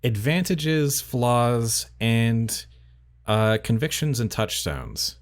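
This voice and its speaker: A man's voice: medium pitch, expressive, very slow. A man acting as game master, chatting casually through character setup for a tabletop game, laughing often and restarting his phrases. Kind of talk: casual chat running a tabletop session.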